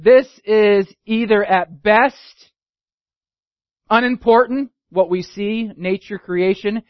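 A man's voice: sits high, no room sound, muffled recording. A man preaching a teaching sermon, emphatic and repeating key phrases for his listeners. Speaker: pastor.

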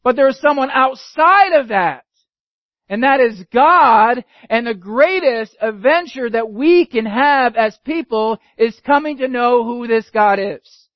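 A man's voice: extremely high pitch, lively intonation, measured pace, no echo, muffled recording. A man preaching a teaching sermon, emphatic and repeating key phrases for his listeners. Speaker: pastor.

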